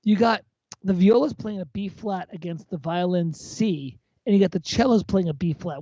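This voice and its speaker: A tipsy man chatting casually on a livestream, giving blunt, profane, excitable feedback on a viewer's composition. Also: high-pitched, moderate pace, loud music behind the voice. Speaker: co-host reviewing viewer compositions. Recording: dull lo-fi dry sound.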